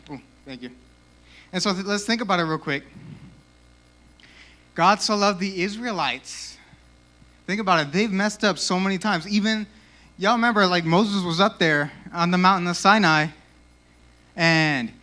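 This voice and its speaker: A young man giving a casual, animated youth sermon in a church, peppered with "like," and a little out of breath. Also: sits high. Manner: casual, animated, lots of 'like'. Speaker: youth speaker.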